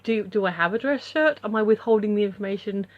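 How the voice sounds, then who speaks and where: A woman's voice: medium pitch, fast talker, lo-fi sound. A woman talking casually to camera at home in a vlog, rambling through her thoughts with lots of fillers and restarts. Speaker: vlogger.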